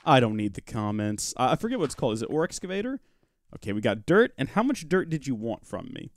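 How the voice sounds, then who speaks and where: A man's voice: medium pitch, sing-song, fast talker. A man hosting a live gaming stream, chatting casually with viewers and joking with an in-game pet as he plays. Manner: chatty, joking asides, talks to chat and his pet rock. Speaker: gaming livestream host. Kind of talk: live Minecraft modpack let's-play commentary.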